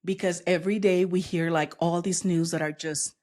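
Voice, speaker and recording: A woman's voice: on the low side, fairly even intonation, moderate pace, darkish tone. Woman, American, vlogger, sassy, gleeful, outspoken, casual reaction commentary. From United States.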